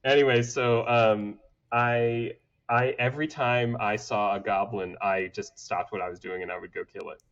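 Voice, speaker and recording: A man's voice: lowish voice, steady tone, normal speed, a bit bright, highs cut off. A man from Atlanta telling stories in a casual podcast chat, acting out quotes with laughter and swearing. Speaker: podcast guest.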